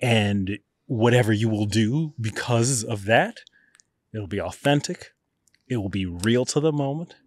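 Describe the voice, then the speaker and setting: Lively New man telling stories. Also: lowish voice, unhurried, no room sound. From New York. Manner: lively, acts out quotes. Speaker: guest, actor. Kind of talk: animated storytelling.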